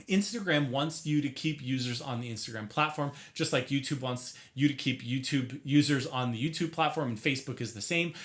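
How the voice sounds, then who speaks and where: A young man teaching marketing tips straight to camera in an energetic, chatty way, often correcting himself mid-sentence. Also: mid-range voice. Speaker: marketing coach for therapists.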